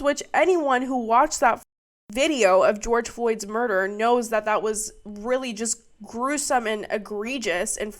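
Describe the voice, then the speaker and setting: A woman's voice: high-pitched, fairly bright tone. A young woman streamer giving fired-up, profane commentary. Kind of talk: heated commentary.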